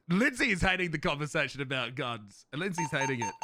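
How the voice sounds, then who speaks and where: A man's voice: a little high, big pitch swings, quick pace, few pauses, pushed and bright, a little hiss or hum. A man streaming a game role-play and chatting to viewers, swearing, laughing and rambling.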